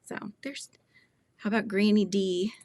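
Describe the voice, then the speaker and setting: A woman's voice: mid-range voice, steady tone, unhurried, darkish tone, no echo. A woman from the United States, a children's book author chatting casually on a live stream, rambling and laughing often.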